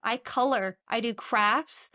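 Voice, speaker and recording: A woman's voice: fairly high pitch, slow, bright, forceful tone, dry recording, clean studio sound. A young adult woman co-hosting a podcast, talking in a rambling, earnest, chatty way. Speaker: podcast co-host. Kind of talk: casual chat.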